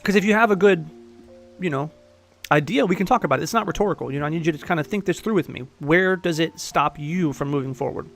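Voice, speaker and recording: A man's voice: on the high side, fast talker, fairly bright tone, faint music behind. A man giving casual life-coaching advice, blunt and profane, pressing his listener with direct questions. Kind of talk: casual one-on-one advice talk.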